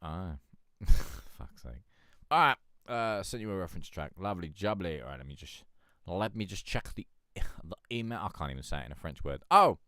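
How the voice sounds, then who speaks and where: A man's voice: deep voice, expressive, brisk, hardly any pauses, sharp tone, smooth, no room sound, clean studio sound. A man hosting a music review stream, rambling and joking in casual chat. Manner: rambling, joking, swears, laughs a lot.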